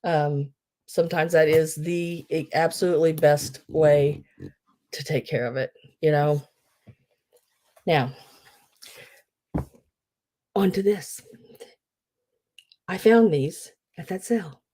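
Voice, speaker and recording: Woman, live-sale host, low warm voice, chatty and rambling. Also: takes it slowly, pauses often. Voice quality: rambling, chatty storytelling with many fillers. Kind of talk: casual live-sale chat.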